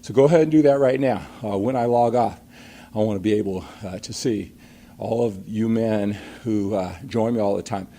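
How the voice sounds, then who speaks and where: A middle-aged fitness coach hosting a live workout stream coaches emphatically and asks rhetorical questions, sounding a little out of breath after a set. His voice is lowish and warm, at a moderate pace.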